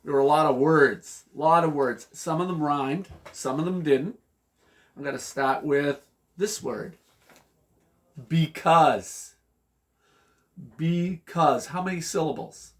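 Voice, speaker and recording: Slowly and with patience, a man spells words letter by letter for young learners in a phonics lesson, his slightly high voice animated and sing-song.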